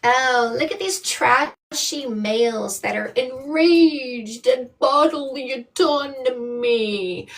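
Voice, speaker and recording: High-voiced, slow, blunt woman dating coach. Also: distant mic. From Canada. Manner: blunt, sassy, emphatic. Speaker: dating coach and livestream host. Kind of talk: live-stream chat, reading viewer comments.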